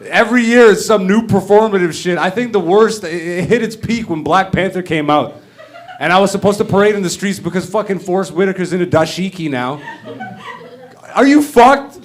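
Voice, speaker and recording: A man in his thirties doing a profane, brash stand-up comedy rant on a club stage. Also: sits high. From Canada. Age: 30s.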